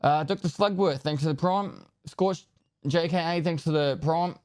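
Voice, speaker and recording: A man on a live stream chats casually, rattling off viewer names and subscriber thank-yous in quick bursts, loose and joking with the occasional swear. His voice is on the high side with a darkish tone, recorded dry on a close desk microphone.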